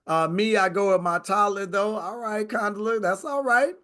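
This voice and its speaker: Man host, slightly higher voice, talkative. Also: moderate pace, pushed and bright. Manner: chatty, conversational, says "right?" often. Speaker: travel tour host. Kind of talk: casual presentation.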